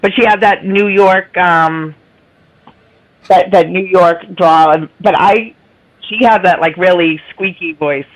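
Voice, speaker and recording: A woman with a Boston accent and a raspy, nasal voice, rambling in casual chat. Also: lowish voice, slow pace, poor audio. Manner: rambling, self-deprecating, laughs often. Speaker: livestream guest.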